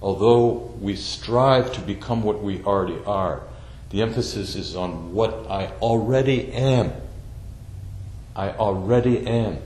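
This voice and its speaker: A man leads a Zen dharma talk at an unhurried, measured pace, his voice sitting a little low. He repeats key phrases to let them sink in. The recording carries the echo of a room and a faint hiss behind him. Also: darkish tone. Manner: slow, deliberate, repeating phrases for emphasis. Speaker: Zen teacher. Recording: echoey room with faint background noise.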